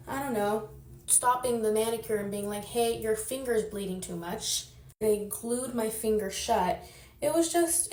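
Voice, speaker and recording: A woman's voice: fairly high pitch, darkish tone. Chatty young woman, echoey room. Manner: chatty, rambling, exasperated storytelling. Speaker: content creator. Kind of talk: storytime vlog while doing nails.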